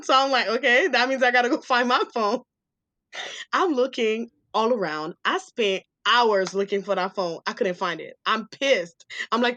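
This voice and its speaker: A young woman with a slightly high voice chats casually on a podcast, spinning a family story with lots of animation. She slips into the voices of the people she quotes and laughs her way through it. The sound is close and dry, with no room around it. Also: normal speed, bright, forceful tone, no echo, muffled recording. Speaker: podcast co-host.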